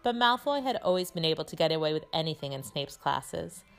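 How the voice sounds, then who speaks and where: A woman teacher reading a chapter book aloud in a steady, measured way. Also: deep voice.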